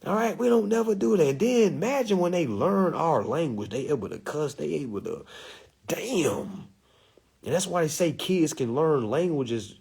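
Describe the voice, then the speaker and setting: Man, preachy casual talk, husky voice, lively pitch swings. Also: moderate pace, few pauses. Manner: preachy, animated, acts out quotes. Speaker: spiritual teacher.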